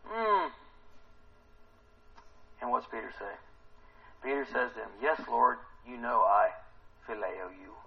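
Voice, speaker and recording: Excitable man preaching, lo-fi sound. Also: mid-range voice, takes it slowly, vocal fry, long pauses. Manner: excitable, animated, swings between hushed and loud. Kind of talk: sermon.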